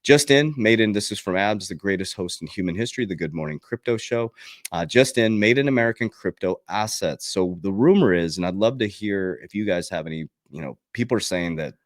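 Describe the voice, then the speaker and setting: A man's voice: sits low, expressive, a little fast, dry recording, clean studio sound. A man hosting his own channel, giving a passionate, preachy motivational talk to his webcam that swears freely and acts out the people he quotes. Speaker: crypto coach and channel host. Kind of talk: fired-up motivational talk to camera.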